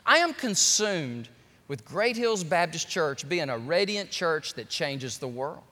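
A pastor preaching to his congregation, animated and joking as he talks straight to them. His slightly high voice is bright, and his pitch swings widely. Long reverb from the church hall trails each phrase. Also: a little slow. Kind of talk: lively sermon. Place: large church sanctuary.

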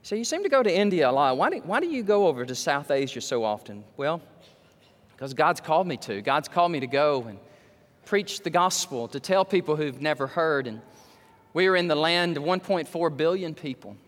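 A man with a high voice preaches a storytelling sermon, building from calm narration into excited, emphatic peaks. His voice rings out in the long reverb of a large hall. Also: brisk.

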